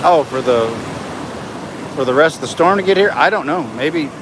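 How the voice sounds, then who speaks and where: With a slightly high voice and lively intonation, a middle-aged man hosts a casual stream from a beach inlet, filming on his phone. At a moderate pace he reads viewer comments and narrates what's around him, over outdoor background noise.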